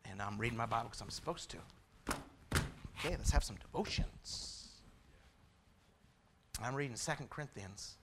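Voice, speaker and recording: A man preaching a testimony sermon, quiet and confessional at times, building to loud, fervent preaching. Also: medium pitch, lively intonation, normal speed, pauses often, noisy background.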